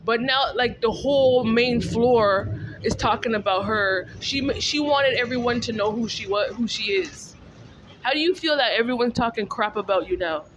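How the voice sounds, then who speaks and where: Woman vlogger, exasperated venting rant, high pitch, casual. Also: normal speed, noisy background. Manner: ranting, repetitive, exasperated.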